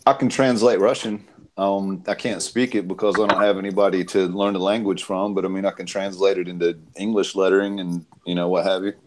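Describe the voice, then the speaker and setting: A man's voice: sits low, fairly quick. A man chatting casually on a group stream, swearing freely and telling stories with energy. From United States. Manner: crude, swears freely, animated storytelling.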